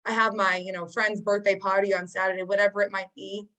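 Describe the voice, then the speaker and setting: A woman's voice: medium pitch, level tone, fast, sharp tone, rough recording. A woman coaching sales agents on a training call, talking casually and encouragingly, with frequent fillers. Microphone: video call.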